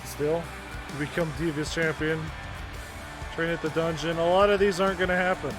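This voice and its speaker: With game music running underneath, a young man offers casual commentary on a wrestling game he's streaming, sarcastic, swearing and muttering to himself. His pitch is a little high with little movement, and his speed is normal.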